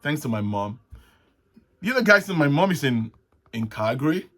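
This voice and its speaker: A man hosting a casual solo talk show, rambling and halting, with frequent restarts and soft chuckles. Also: mid-range voice, big pitch swings. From Nigeria. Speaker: host. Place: at home, with tea.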